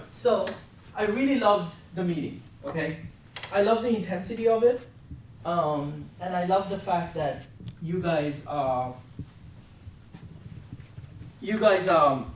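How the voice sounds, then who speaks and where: A woman's voice: fairly low pitch, animated, takes it slowly, long pauses, a little hiss or hum. A woman heading a trading desk, giving a blunt, profane, intense lecture that keeps pressing her listeners for answers. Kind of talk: confrontational mentoring talk. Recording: roomy, from a distance.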